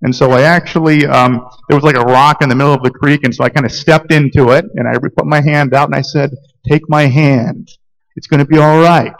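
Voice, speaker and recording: Gravelly-voiced man preaching a sermon. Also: medium pitch, fairly even intonation, fast talker, few pauses, fairly bright tone, low-quality recording. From Georgia, US. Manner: earnest storytelling with frequent fillers and restarts. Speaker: pastor.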